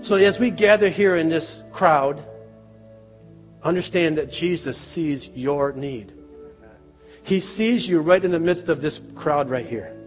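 Middle-aged man, pastor, earnest sermon and prayer, higher-pitched voice, lo-fi church recording. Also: unhurried. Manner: earnest, rises loud when acting out quoted cries. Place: church sanctuary. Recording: roomy church reverb, dull lo-fi sound, soft music behind.

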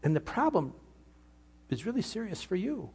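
A man's voice: high voice, very animated, normal speed, darkish tone, breathy edge. A man preaching an earnest sermon as pastor, sometimes voicing imagined speakers.

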